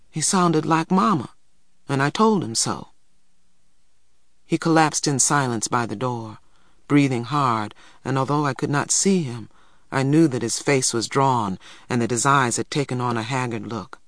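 A man's voice: medium pitch, unhurried, fairly bright tone, no room sound. Man narrating a storybook, dry close sound. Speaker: audiobook narrator. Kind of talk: scripted first-person narration.

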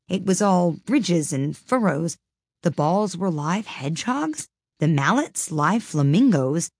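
A woman reading a storybook aloud in an expressive, lively way. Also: on the low side, no room sound, clean studio sound.

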